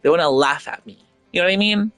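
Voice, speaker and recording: A woman's voice: on the low side, fast talker, fairly bright tone, dry recording, soft background music. Blunt, outspoken woman streamer. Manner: blunt, outspoken, swears freely, rambles with many fillers. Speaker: gaming streamer. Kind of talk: casual stream chat.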